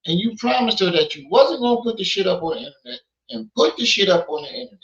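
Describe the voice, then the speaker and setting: A man's voice: sits high, expressive, fast talker, creaky, fairly bright tone. A man hosting a livestream, blunt and scolding, repeating himself and thanking donors. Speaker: livestream host. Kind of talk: livestream commentary. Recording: echoey, dull lo-fi sound.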